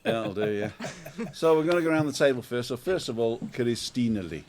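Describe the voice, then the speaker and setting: On a balcony outdoors, this livestream host talks quickly and expressively in a medium-pitched, slightly mellow male voice. He greets his audience in a chatty way and calls out viewer names, all captured on a smartphone.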